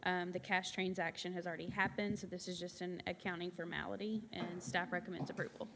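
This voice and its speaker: Woman, monotone, matter-of-fact staff report, long hall reverb, faint room noise. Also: fairly low pitch, brisk, gravelly. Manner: level, matter-of-fact, frequent ums. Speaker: town finance officer. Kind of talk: staff report at a public meeting.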